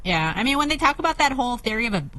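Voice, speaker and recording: A woman's voice: a little high, big pitch swings, rapid-fire, sharp tone. A woman co-hosting a podcast, chatting casually, earnest and wry. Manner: earnest, wry, laughs easily. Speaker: podcast co-host. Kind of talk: casual chat.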